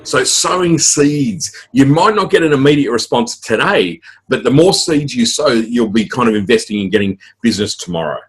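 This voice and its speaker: A middle-aged man with an Australian accent, an author chatting as a guest in an interview, rambling quickly through stories with many fillers and restarts. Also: medium pitch, expressive, husky. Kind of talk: casual interview chat.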